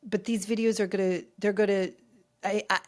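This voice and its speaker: A woman's voice: mid-range voice, little pitch movement, moderate pace. A woman hosting a pop culture podcast, talking candidly and rambling through her thoughts with frequent restarts. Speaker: podcast host. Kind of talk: casual pop culture chat. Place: home filming set.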